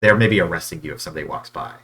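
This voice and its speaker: Low-voiced man running a tabletop game, halting, filler-heavy narration. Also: pushed and bright, slightly rough. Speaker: game master.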